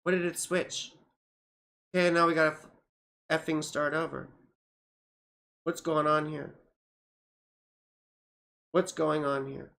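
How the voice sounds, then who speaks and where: A woman astrologer chatting casually on a livestream, rambling with many fillers and grumbling at her software. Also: low voice, flat delivery, takes it slowly, gravelly, long pauses. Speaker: astrologer reading charts on a livestream.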